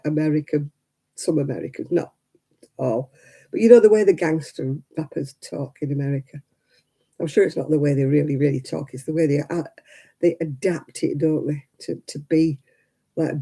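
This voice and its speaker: An older woman talks casually as she hosts a crafting stream, going off on chatty, indignant rants. Her voice is husky and gravelly, with a very dark, mellow tone. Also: deep voice, low-quality recording. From United Kingdom. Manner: chatty, indignant ranting with many fillers. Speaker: craft livestream host. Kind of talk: casual chat while crafting.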